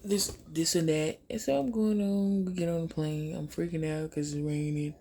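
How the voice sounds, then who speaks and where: A woman's voice: sits low, normal speed, a little hiss or hum. A young woman vlogger, chatting casually through a storytime while doing her makeup and acting out what people said. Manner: chatty, animated retelling with quoted asides.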